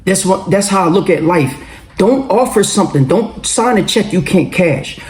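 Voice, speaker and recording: Man, higher-voiced, profane storyteller, roomy echoey take. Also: moderate pace. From Philadelphia. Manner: animated and profane, acting out quoted lines. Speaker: storyteller recounting his own case. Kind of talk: casual storytelling to camera. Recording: roomy echo.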